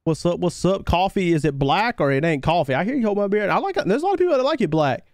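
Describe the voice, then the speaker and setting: A man streams a game live with a high, very animated voice, talking fast yet laid-back as he chats, thanks viewers by name and calls them brother. The recording is dry and studio quality.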